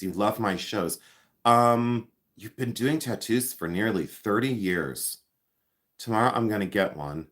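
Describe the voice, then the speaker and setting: A man in his fifties, a jewelry collector, hosts a casual livestream, rambling and joking while chatting with viewers by name. His voice is low-pitched with a fairly bright tone.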